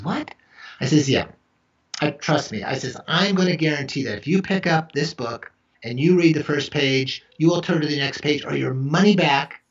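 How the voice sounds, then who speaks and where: A man being interviewed about his book, telling stories and acting out the dialogue with lively energy. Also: a little high. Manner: animated storyteller acting out dialogue. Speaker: author and interview guest. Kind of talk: storytelling interview chat. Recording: echoey, distant, dull remote audio.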